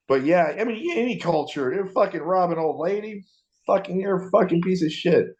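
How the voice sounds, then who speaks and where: This podcast co-host has a high voice, a moderate pace and dull audio. He tells a story in easygoing conversation, swearing frequently and doing animated impressions of the people he quotes.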